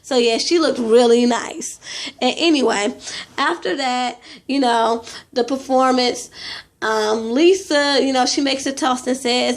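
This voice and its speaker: A woman's voice: sits high, unhurried. A young woman casually recapping a reality show episode, opinionated and chatty, peppered with "you know" and slang. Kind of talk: casual gossipy episode review.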